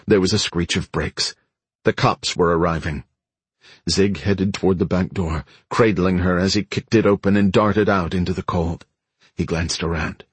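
A male audiobook narrator reads a scripted thriller in a very deep, husky voice, keeping his tone measured and suspenseful. The recording is dry and close, with no room sound at all.

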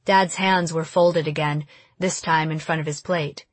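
A woman reading a first-person audiobook in an even, steady storytelling voice. Her voice sits somewhat low, recorded close and dry with no room sound. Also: measured pace, no echo. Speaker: audiobook narrator.

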